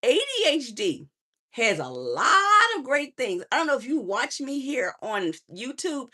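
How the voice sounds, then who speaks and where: A middle-aged woman, a transformational coach, giving a lively motivational live stream, preaching and calling viewers honey and baby. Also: a little high, measured pace, breathy edge. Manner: preachy, warm endearments to viewers; chatty, laughs often.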